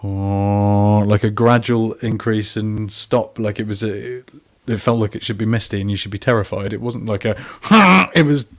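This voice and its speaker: A man with a fairly low voice co-hosts a casual online show over a video call. He teases his co-host, laughs easily and tells loose anecdotes. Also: moderate pace, hardly any pauses. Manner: laughs often, teasing, chatty storyteller. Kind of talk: casual chat.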